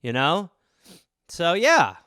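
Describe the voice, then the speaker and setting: A man's voice: on the high side, huge pitch swings, slow, bright, forceful tone, smooth, no room sound, clean studio sound. A man hosting a podcast, rambling through a comedic solo monologue and acting out voices. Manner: rambling, acts out voices in bits. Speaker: podcast host.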